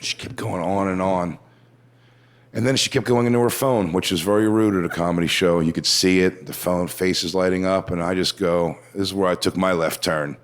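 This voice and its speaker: A man's voice: low-pitched, fairly even intonation, moderate pace. A man telling a crude story as a stand-up comedian, chatty and acting out what people said. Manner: crude, conversational, acts out quotes.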